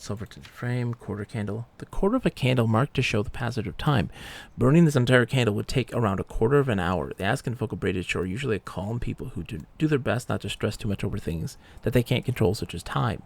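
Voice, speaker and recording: A man's voice: fairly low pitch, expressive, quick pace, vocal fry. A man streaming live gameplay, muttering to himself and reading item text aloud as he plays.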